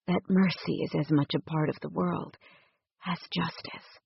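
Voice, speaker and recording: A gruff young rancher, tender underneath, spoken low and hushed by a woman reading an audiobook. The voice is husky and slightly breathy. The audio sounds dull and dry. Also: a little slow, dry recording, full character voice. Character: gruff protective male rancher, young adult.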